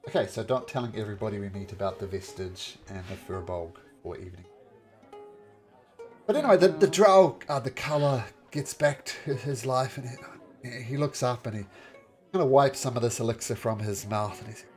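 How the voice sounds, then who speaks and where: A man narrating a tabletop game as game master, halting often and filling gaps with "uh". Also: medium pitch, expressive, darkish tone, soft background music. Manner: halting, full of fillers.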